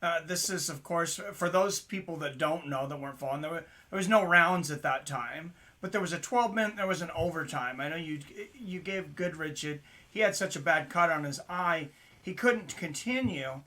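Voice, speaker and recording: Male interview host, bright tone, casual eager chatter. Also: fairly high pitch, normal speed. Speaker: podcast host.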